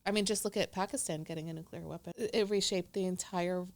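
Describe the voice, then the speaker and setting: A woman's voice: lowish voice, fairly even intonation, fast talker. Woman hosting a podcast interview. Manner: curious questioning with brief acknowledgments. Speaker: podcast host. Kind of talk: interview conversation.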